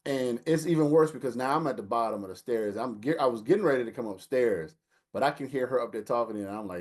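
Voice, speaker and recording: A man, telling a lively family story in casual chat and acting out the voices of the people in it. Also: mid-range voice, quick pace. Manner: animated storyteller, acts out quotes, laughs while telling. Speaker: older brother telling a story.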